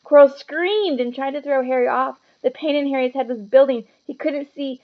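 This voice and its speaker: A woman reading a children's book aloud with expressive, dramatic storytelling. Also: sits high, a little fast, hardly any pauses, dull audio. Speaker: storybook reader.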